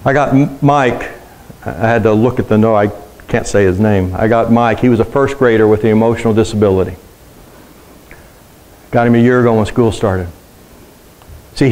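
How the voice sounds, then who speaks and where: A man's voice: medium pitch, a little mellow, low-quality recording. A middle-aged man, a pastor, preaching a sermon to a congregation, telling personal stories in a conversational way and asking the room questions.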